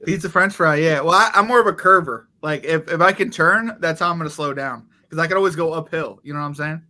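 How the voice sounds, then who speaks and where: A man's voice: a little high, quick pace, sharp tone. A young man hosting a casual sports podcast, talking loosely with lots of fillers and "you know what I mean". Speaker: podcast host.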